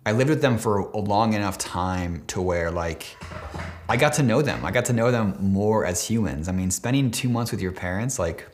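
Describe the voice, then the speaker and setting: Man, late twenties, lowish pitch, casual vlog chat, rambling, fillers, swearing, choked up. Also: expressive, normal speed. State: near tears, choked up at times. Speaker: vlogger. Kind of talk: casual heartfelt talk to camera.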